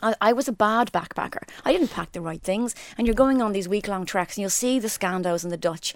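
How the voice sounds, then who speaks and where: A woman's voice: medium pitch, fairly quick, dry recording. A young Irish woman co-hosting a podcast in casual chat, telling stories in a wry, teasing way. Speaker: podcast co-host.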